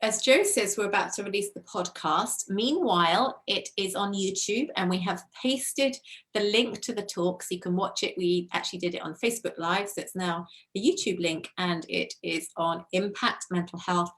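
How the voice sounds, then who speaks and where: A woman's voice: mid-range voice, normal speed, a bit bright. A woman co-hosts a mental health live stream. She chats casually and tells self-mocking stories. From southern England. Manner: chatty, self-mocking storyteller.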